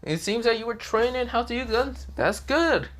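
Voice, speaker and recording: A man's voice: extremely high pitch, lively intonation, moderate pace, a bit bright, voice pushed up. A man voicing an offhand male teacher in a breezy, chirpy way. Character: offhand middle-aged male American teacher.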